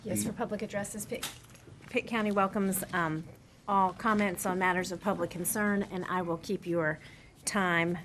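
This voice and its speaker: A woman's voice: medium pitch, fairly even intonation, normal speed, noisy background. A woman serving as county attorney, stating the rules for public comment in a procedural way with some ums. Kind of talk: official meeting procedure.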